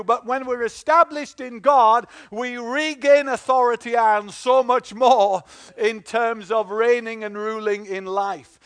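A man with a high voice and a Northern English accent preaches to a congregation. He urges them on with call-and-response prompts and pauses on fillers between his points. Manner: exhorting congregation, many fillers and call-outs. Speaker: pastor. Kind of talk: sermon.

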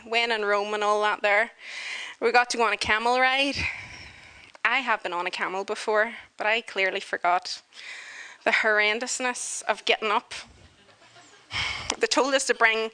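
A woman telling a funny personal story in an animated, chatty way, sharing a testimony. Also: medium pitch, clean tone. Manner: animated, chatty, full of fillers.

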